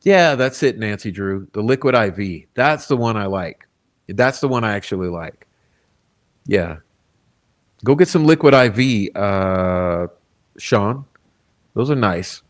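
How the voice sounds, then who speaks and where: A laid-back man with a fairly low voice hosts a casual livestream and reads viewer comments aloud. He rambles along with plenty of fillers and chuckles often. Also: expressive, a little slow, pauses often. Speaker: livestream host.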